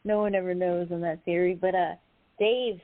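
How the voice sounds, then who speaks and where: A woman's voice: fairly low pitch, fairly even intonation, normal speed. A woman hosting an online poetry show, chatting casually and laughing often as she gives feedback. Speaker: host. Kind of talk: casual chat. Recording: tinny phone-like online audio.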